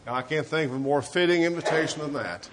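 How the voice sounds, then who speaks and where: Guy giving an earnest sermon, kinda high voice, drops real quiet at the end of lines, keeps clearing his throat. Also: quick pace, a little hiss or hum. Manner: earnest preaching, dropping low and soft at phrase ends. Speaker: preacher.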